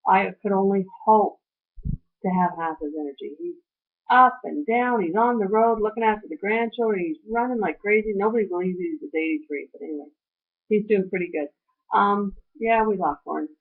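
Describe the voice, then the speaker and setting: A woman's voice: medium pitch, normal speed. Rambling middle-aged woman on tinny audio. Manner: rambling, heartfelt, trailing off with fillers. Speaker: weight-loss surgery vlogger. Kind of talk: casual personal update. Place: at home.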